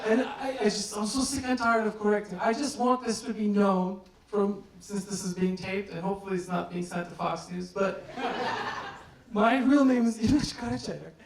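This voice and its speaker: A man from Turkey performing stand-up on a club stage, deadpan and teasing the audience with mock-serious questions. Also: high-pitched, moderate pace. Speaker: stand-up comedian. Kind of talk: stand-up crowd work. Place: comedy club stage before a laughing crowd. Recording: roomy live recording from a distance, crowd audible.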